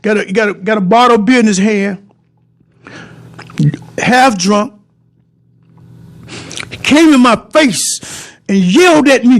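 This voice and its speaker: A man's voice: high-pitched, slow, pauses often. A man telling viewers a personal story, rambling and repeating himself as he speaks to them directly. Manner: rambling and repetitive, restarting phrases and addressing the audience directly.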